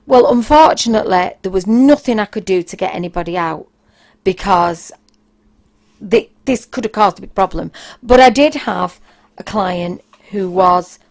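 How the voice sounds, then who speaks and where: Woman podcast host, candid storyteller, mid-pitched, blunt delivery. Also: normal speed. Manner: frank, blunt, with bursts of raised emphasis. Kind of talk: casual anecdotal storytelling.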